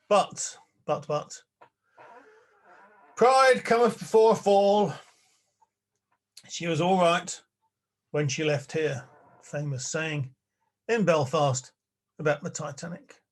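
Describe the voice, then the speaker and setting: An older man from England, giving an illustrated public talk from his study at home in a chatty, wry way with small chuckles. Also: a little high. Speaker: lecturer. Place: spare-bedroom study at home.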